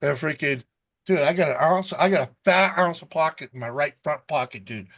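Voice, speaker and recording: A man's voice: fairly high pitch, brisk, fairly bright tone. A man hosting a casual video call chat, rambling through a profane story and laughing often. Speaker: host.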